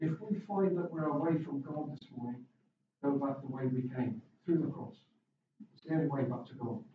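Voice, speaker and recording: A man's voice: mid-range voice, moderate pace, background noise. A man preaching a conversational sermon, asking the congregation questions and adding light asides. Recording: echoey, distant, dull room recording.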